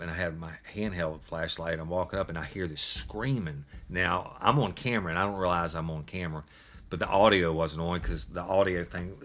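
A man, a former police officer telling a story in an animated, folksy way, laughing as he goes. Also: low-pitched. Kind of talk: casual storytelling chat.

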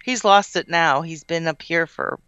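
A woman in her forties speaks in a bright, smooth, resonant voice as co-host of a casual chat. She gives advice in a confident, matter-of-fact way. The recording is dry and a little dull. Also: low-pitched, normal speed, no echo.

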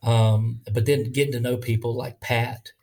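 A man with a Southern accent, a pastor talking in a casual podcast conversation, earnest and halting, with many restarts. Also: medium pitch, steady tone, darkish tone. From Bible Belt, US.

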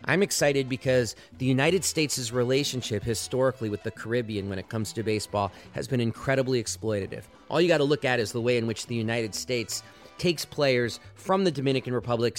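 A man hosting a sports podcast, delivering impassioned, argumentative solo commentary. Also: mid-range voice.

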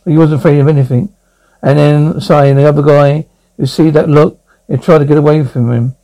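Man reading as young blind lawyer, gravelly, stammering, dark tone. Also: on the high side, fairly even intonation, natural voice, low-quality recording. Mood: somber. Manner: halting, stammering confession. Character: troubled young blind male lawyer confessing.

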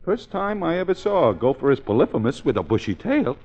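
An actor playing a polite, sly police officer in a 1940s radio drama, with a smooth, mock-courteous manner and dry wit. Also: male voice, on the high side, very animated, a little fast, darkish tone. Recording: lo-fi old radio broadcast.

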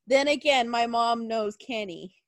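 A woman co-hosting a casual chat, telling stories quickly with swearing and impressions. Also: a little high, no room sound. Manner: animated, quick, profane storytelling with impressions. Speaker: podcast co-host.

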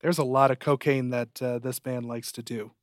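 A man's voice: mid-range voice, fairly even intonation, normal speed, no echo, clean studio sound. A man co-hosting a podcast, chatting casually and jokingly about a TV show, his voice jumping up when he gets emphatic. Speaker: podcast co-host. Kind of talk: casual chat reviewing a TV show.

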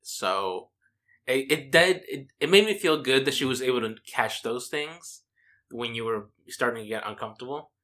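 A man's voice: medium pitch, lively intonation, moderate pace, sharp tone. A man in casual conversation who asks questions, laughs often and talks in a reflective, chatty way. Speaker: conversation partner asking questions. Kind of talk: casual chat.

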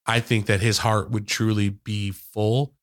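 A man in his thirties speaks on a podcast into a close microphone, his voice sitting low and the sound dry. He rambles warmly through fillers and restarts and sounds near to tears. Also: level tone, measured pace, no echo. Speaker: podcast co-host and editor. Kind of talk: casual podcast conversation. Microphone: headphones and studio microphone.

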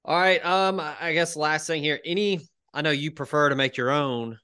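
Bright-voiced male podcast host. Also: on the high side, moderate pace, smooth, dry recording, clean studio sound. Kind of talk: casual chat.

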